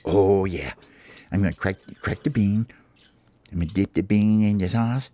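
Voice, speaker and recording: A man voicing a gruff, low-voiced male parakeet in toy play, talking in a bossy way. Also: moderate pace, warm tone, dry recording, lightly acted. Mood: eager.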